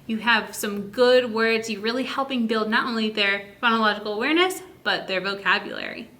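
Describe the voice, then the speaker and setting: A woman explains reading tips to parents in a bright, clear voice that sits a little high. She speaks in a friendly, encouraging teacher's manner and sometimes draws words out very slowly so each sound can be heard. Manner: slow, stretched-out words to demonstrate sounds. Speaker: early literacy educator. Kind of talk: instructional video talk to parents.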